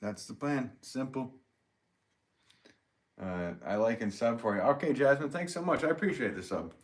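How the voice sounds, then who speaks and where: A man, a potter, chatting casually on a live stream while he works, reading out viewer comments in a relaxed, rambling way with lots of fillers. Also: medium pitch, brisk. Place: pottery studio.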